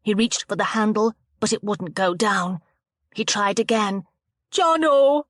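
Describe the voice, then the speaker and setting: A woman reading a thriller audiobook aloud in a steady, measured narration. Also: medium pitch, no echo, clean studio sound. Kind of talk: scripted narration of a thriller novel.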